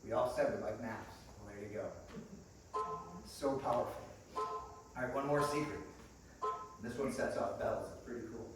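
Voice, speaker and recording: A man giving a sermon in a small church, telling stories and acting out the voices, swinging from quiet to loud. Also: on the low side, moderate pace, pauses often, slight background noise. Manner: storytelling, acts out dialogue, swings from quiet to loud. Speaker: guest preacher. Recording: echoey church room, mic at a distance.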